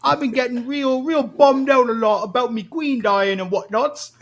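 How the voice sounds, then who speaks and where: A man's voice: extremely high pitch, moderate pace, voice pushed up. A man voicing an exaggerated, gloomy Londoner who speaks in over-the-top mock British slang. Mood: mopey.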